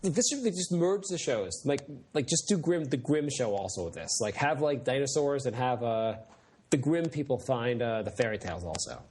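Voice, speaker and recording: A man's voice: mid-range voice, animated, moderate pace, a little mellow, slight background noise. A man co-hosting a podcast, chatting casually and rambling with lots of fillers. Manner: rambling, many fillers, acts out silly voices when retelling scenes. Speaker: podcast co-host. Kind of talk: casual chat.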